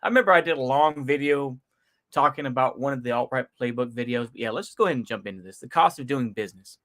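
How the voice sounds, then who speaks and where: A man's voice: medium pitch, animated, fast talker, fairly bright tone. Slangy man riffing in a reaction video. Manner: slangy, sighing, laughing to himself; rambling with frequent fillers. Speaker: YouTube commentator. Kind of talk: casual reaction commentary.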